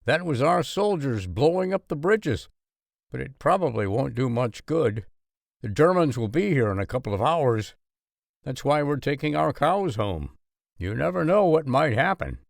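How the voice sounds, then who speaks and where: A man playing a loud, excitable farmer. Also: medium pitch, moderate pace, gravelly, dry recording, studio quality, pitched above the performer's own voice. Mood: urgent. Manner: loud, startled, urgent.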